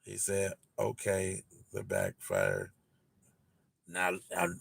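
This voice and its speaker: A man hosting an early-morning podcast livestream, talking in a slangy, teasing, animated way with many fillers. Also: lowish voice, normal speed, vocal fry, dry recording. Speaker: podcast host.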